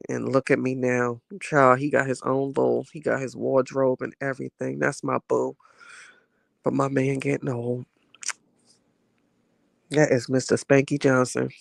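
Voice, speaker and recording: A man's voice: medium pitch, gravelly, no room sound. A man vlogging in a chatty, sassy way while sick with a cold and a bit winded. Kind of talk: casual chat to camera.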